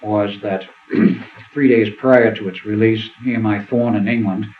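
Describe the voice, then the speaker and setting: An older man with a fairly low voice tells rambling stories at a seminar and acts out what others said. The sound is thin and phone-like, with a faint hiss underneath. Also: steady tone, measured pace. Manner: rambling anecdotal storytelling, acts out quotes. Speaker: seminar speaker. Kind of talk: storytelling talk at a seminar.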